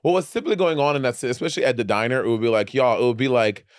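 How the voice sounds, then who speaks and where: Male co-host, middle pitch, wry and questioning, dry close studio sound. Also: very fast, clean tone, no echo. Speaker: podcast co-host. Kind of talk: casual banter.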